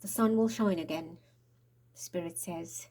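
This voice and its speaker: The woman here has a fairly low, somewhat mellow voice and an unhurried pace as she gives a spiritual tarot reading. There's a prophetic urgency to it: she trembles, gasps for breath, and at times slips into a whisper.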